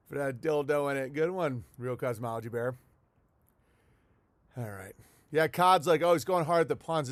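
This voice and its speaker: A man's voice: medium pitch, no echo. A man with a congested, stuffy nose hosting a livestream, chatting casually and joking as he reads viewer messages. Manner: joking, rambling, reads messages in a raised, punchy voice. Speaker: livestream host.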